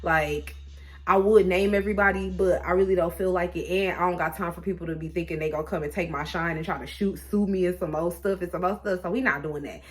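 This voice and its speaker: A woman's voice: lowish voice, fast. Candid, chatty woman vlogger. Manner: candid, chatty, animated, with many fillers and restarts. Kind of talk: casual personal talk to camera.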